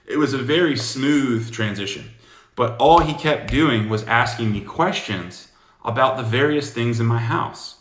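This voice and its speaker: A man's voice: medium pitch, measured pace, a bit bright. A man giving casual sales coaching, rambling and full of "you know" asides. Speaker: sales trainer. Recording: echoey room.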